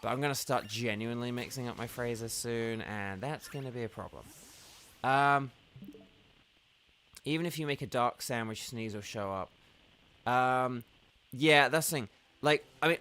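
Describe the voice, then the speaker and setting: A man's voice: mid-range voice, a bit bright, a little hiss or hum. A tired man rambling chattily to his viewers as he livestreams a game, talking straight to them. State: tired, yawning. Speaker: gaming livestreamer. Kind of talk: casual livestream commentary while playing.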